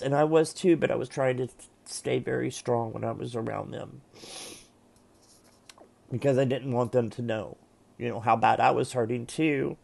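A man who reads tarot, talking to camera at home in a heartfelt, halting way with many restarts and pauses. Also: mid-range voice, creaky, dark tone. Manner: halting and emotional, with frequent restarts. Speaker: tarot reader and vlogger. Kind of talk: casual heartfelt monologue to camera. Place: at home, seated in a chair.

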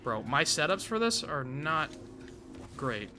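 A man giving casual, excitable gameplay commentary full of gamer slang. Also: on the high side, slow pace, background noise. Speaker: gaming content creator.

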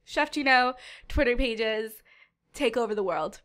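A young woman giving casual, animated commentary on a video game she is playing, with dramatic outbursts. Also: on the high side, unhurried, noisy background. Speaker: gaming YouTuber. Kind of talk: casual let's-play commentary.

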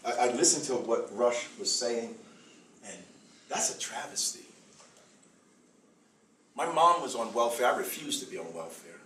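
Emphatic middle-aged preacher in an echoey hall. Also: male voice, medium pitch, animated, fairly bright tone, distant mic, slight background noise. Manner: emphatic, repeats phrases, slow dramatic pauses. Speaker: bishop giving a speech. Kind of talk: preaching-style public address. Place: event hall before an audience.

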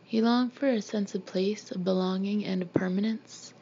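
A woman reading a novel aloud in a steady, measured way, now and then clearing her throat. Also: medium pitch, muffled recording, a little hiss or hum. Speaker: audiobook reader.

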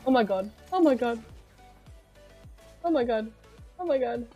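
A woman streamer giving excitable live commentary on her gameplay, shrieking and laughing at each moment. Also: a little high, measured pace, muffled recording, soft background music.

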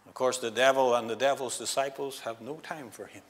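Dramatic preacher in a hall. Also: male voice, mid-range voice, steady tone, brisk. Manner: dramatic, swings from loud to hushed. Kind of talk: gospel sermon. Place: church hall. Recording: long hall reverb.

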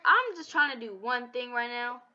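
High, very bright woman gamer, teasing sing-song trash talk, dull lo-fi home sound. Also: lively intonation, moderate pace. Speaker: gameplay commentator. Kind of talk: playful game commentary.

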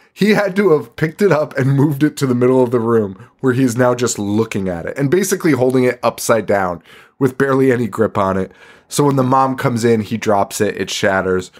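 A man co-hosting a podcast, casually recapping a film with lots of swearing, laughter and mocking quotes. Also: mid-range voice. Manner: profane, laughing, rambling recap with mock quotes. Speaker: podcast co-host. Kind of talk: casual chat recapping a movie.

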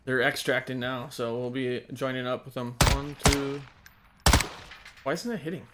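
A young man talks to his chat and his teammates while playing a shooter, his words tumbling out in a loose, rambling way. His voice sits at an average pitch. The headset mic carries a noticeable hiss behind him. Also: steady tone, normal speed. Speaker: streamer. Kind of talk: casual gaming chat.

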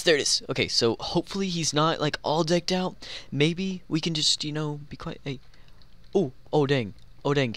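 Excitable young man narrating gameplay. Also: fairly high pitch, a little hiss or hum. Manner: excitable, talks to himself and the game, jokey. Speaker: gaming YouTuber. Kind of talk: live Minecraft gameplay commentary.

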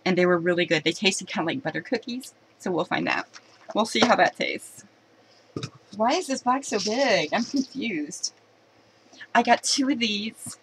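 A woman chatting excitedly to camera while unboxing a box of candy at home, giggling and restarting her sentences. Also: medium pitch, moderate pace, a little hiss or hum, rough recording. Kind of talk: casual unboxing chat to camera.

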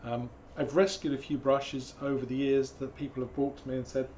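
A hoarse man, teaching painting on a live stream in a chatty, digressive way with jokey asides. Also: mid-range voice, little pitch movement, brisk, darkish tone, a little hiss or hum. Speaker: painting instructor.

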